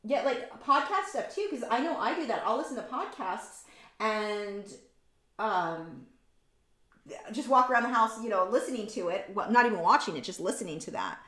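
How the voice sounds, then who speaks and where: Here a livestreaming painter talks casually at a moderate pace, her fairly high, slightly bright voice animated throughout. She's a woman who rambles openly and opinionatedly, using lots of ums and likes, and the room gives the recording an echo.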